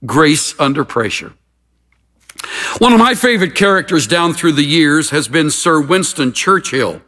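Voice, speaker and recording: A man preaching a sermon, measured and emphatic, with dramatic pauses between phrases. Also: a little high, lively intonation, fairly bright tone. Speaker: pastor. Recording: preached in a reverberant hall.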